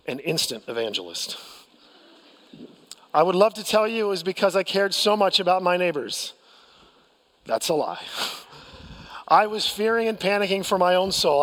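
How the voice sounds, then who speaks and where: An American man preaching from the pulpit, with a fairly high voice and a long reverb trailing his words through the hall. He tells a personal story candidly and pokes fun at himself, stumbling into restarts as he goes. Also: a bit bright. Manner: candid storytelling with self-deprecating humor and frequent restarts. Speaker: pastor. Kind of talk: sermon.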